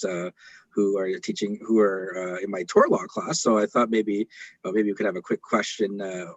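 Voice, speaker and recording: Husky, halting male host. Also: fairly low pitch, no echo, low-quality recording. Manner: halting, repeats words. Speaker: host, law professor. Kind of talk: casual interview talk.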